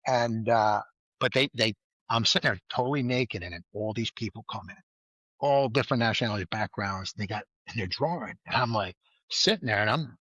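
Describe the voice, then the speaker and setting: A man with a bright, forceful voice tells a story as a podcast guest. He talks in a lively, casual way, laughs often, and slips into the voices of the people in his story. The sound is close and dry. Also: fairly low pitch, a little fast, slightly rough, no room sound. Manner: animated storyteller who laughs often and acts out quoted lines. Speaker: guest, former state trooper.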